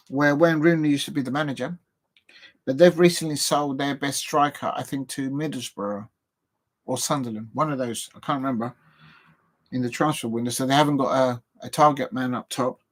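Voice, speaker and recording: Man, football stream host, casual rambling, self-deprecating, chatting to viewers, mid-pitched voice. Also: a bit bright. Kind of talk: casual live-stream chat with predictions.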